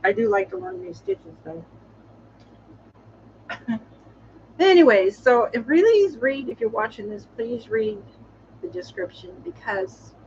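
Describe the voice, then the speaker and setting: A woman's voice: fairly high pitch, a little hiss or hum. A woman with a cold casually chatting on a livestream from home, meandering with lots of fillers and restarts. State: has a cold. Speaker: livestream host. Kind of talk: casual rambling livestream chat. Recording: slightly dull lo-fi audio.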